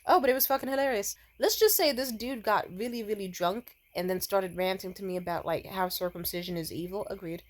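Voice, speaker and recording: A young woman vlogger chats through a storytime in a brisk, mid-range voice with hardly any pauses. She rambles, loops back on herself and uses plenty of fillers, swearing bluntly and laughing often in a loose, unpolished tone.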